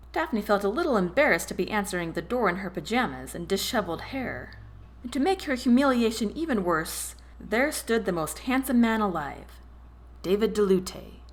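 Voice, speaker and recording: Woman, audiobook narrator, expressive storybook reading. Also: lowish voice.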